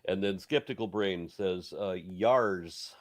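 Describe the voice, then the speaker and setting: A man's voice: sits low, takes it slowly, dry recording, clean studio sound. A man hosting a casual panel chat and reading out viewer comments with a chuckle. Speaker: host.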